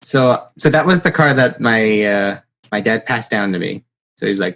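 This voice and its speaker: A man's voice: fairly low pitch, normal speed, creaky. A man hosting a podcast, telling a story in casual chat and acting out the quotes. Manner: animated storyteller, acts out quotes. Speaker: podcast host.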